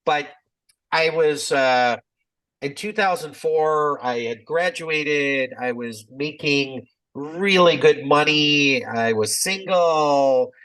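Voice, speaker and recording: A man's voice: fairly high pitch, slow pace, a bit bright, smooth, poor audio. Reflective man in his fifties, rambling. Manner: reflective, rambling, many fillers and restarts. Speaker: physician and company executive. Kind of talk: conversational interview storytelling.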